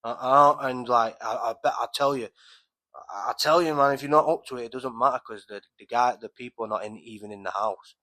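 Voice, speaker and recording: Bright-voiced rambling man. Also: mid-range voice, fairly quick, poor audio. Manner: rambling, swears constantly, many restarts and fillers. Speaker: podcast host. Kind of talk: casual storytelling monologue. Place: at home, by a window on a street.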